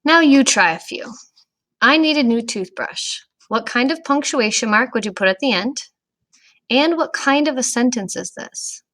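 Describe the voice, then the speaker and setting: A woman teacher giving a recorded grammar lesson to children, speaking clearly and patiently to young students. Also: a little high, expressive, moderate pace, fairly bright tone, rough recording.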